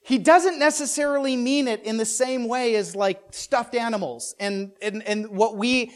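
A man with a notably high voice teaches a Bible passage in a loose, talky way. He keeps checking in with his listeners and tosses in dry jokes. He often stumbles and repeats words as he works through his thoughts. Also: moderate pace. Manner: keeps checking in with "right?", with joking asides.

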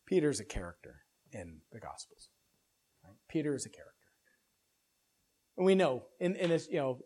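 A man preaching an expository sermon in an earnest way, often restarting and repeating words, and getting louder and higher as he presses a point. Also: very animated, moderate pace, long pauses. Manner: builds louder and higher when stressing a point.

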